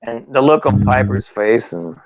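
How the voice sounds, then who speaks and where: A man guest telling stories in an interview, animated and laughing often. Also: fairly low pitch, moderate pace, lo-fi sound, very noisy. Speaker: guest, former wrestler. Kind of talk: storytelling interview.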